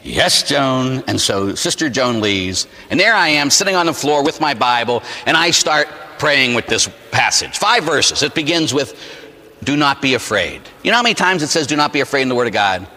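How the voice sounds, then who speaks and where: A man from Pittsburgh, a Catholic priest, telling a personal story as a sermon in an animated, humorous way, acting out the scenes. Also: mid-range voice, brisk, hardly any pauses, in a large hall. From Pittsburgh, USA.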